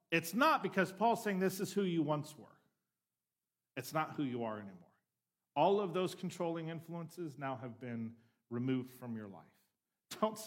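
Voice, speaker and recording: Here a pastor with a fairly high-pitched male voice preaches in a conversational style. He often engages the room directly, alternating emphatic statements with softer asides.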